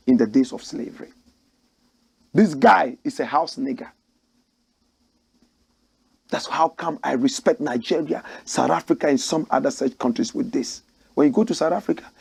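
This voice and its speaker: A Ghanaian man hosting an opinionated commentary show, talking in a forceful, preaching way with slogan-like lines. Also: a little high, vocal fry, husky.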